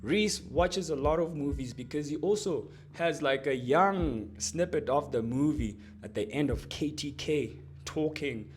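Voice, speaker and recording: A young man explaining rap lyrics in a casual, slangy, excitable way, breaking off from quoted lines to unpack them. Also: fairly high pitch, unhurried, hardly any pauses, slight background noise. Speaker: music commentator.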